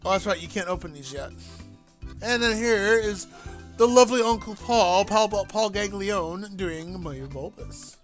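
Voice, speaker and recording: A man's voice: high voice, expressive. A man streaming a game and chatting casually, rambling and joking with frequent restarts. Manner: rambling, jokey, halting restarts. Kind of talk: casual gameplay commentary. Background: faint game music.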